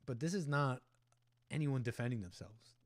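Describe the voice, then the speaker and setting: A man's voice: mid-range voice, lively intonation, normal speed, no room sound. A man hosting a livestream, giving rambling, opinionated commentary on a video clip and talking back at the people in it. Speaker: livestream host.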